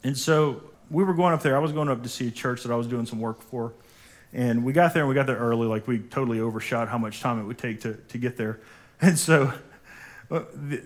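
Emphatic man preaching a sermon. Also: mid-range voice. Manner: emphatic preaching, calls for congregation responses. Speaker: pastor. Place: church sanctuary.

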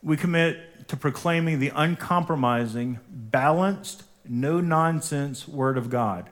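Speaking slowly in a fairly high voice, this male pastor preaches with emphasis in a church sanctuary. He calls for responses, having the congregation repeat his words.

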